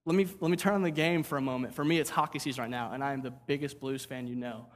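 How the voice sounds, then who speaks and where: A man's voice: medium pitch, steady tone, fast talker, long reverb tail. A man preaching a sermon as pastor, talking casually, repeating words and asking "right?".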